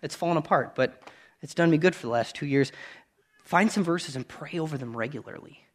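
A man in his thirties preaching a sermon, earnest and conversational, rising loud on key points and dropping to quiet asides. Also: fairly high pitch, brisk.

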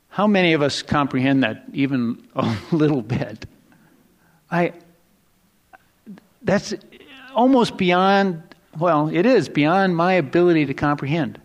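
A man with a slightly high voice preaches a sermon in a casual, conversational style. He often restarts his sentences, drops into hushed low asides and then climbs into excited emphasis. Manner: conversational, rambling with restarts and self-corrections. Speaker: pastor.

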